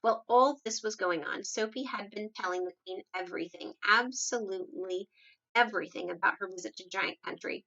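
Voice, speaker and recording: A woman reading a children's book aloud, steady storytelling with lively dialogue. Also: medium pitch, brisk, creaky, highs cut off. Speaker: reader.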